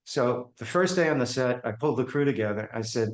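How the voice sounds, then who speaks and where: Briskly, in a mid-range voice, a man shares tales from his career as a guest on a podcast. He animates them by acting out the voices of the people involved, and the room around him echoes.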